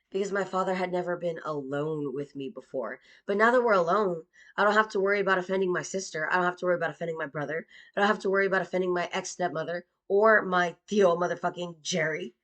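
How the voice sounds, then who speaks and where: A woman's voice: on the low side, brisk, a bit bright. A young woman tells a personal story straight to the listener. Her delivery is sarcastic and mocking throughout, and she swears freely.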